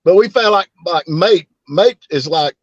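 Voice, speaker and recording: A man's voice: high-pitched, expressive, a little slow, dull audio. Southern American man, joking chat. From Southern United States. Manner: drawling, jokey, repeats words to try them out. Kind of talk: casual chat.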